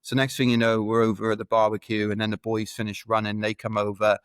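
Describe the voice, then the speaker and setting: A man's voice: on the low side, flat delivery, quick pace, clear, resonant tone, no room sound. A British man telling rambling, self-deprecating stories as a podcast guest in casual chat. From United Kingdom. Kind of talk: casual anecdotal storytelling.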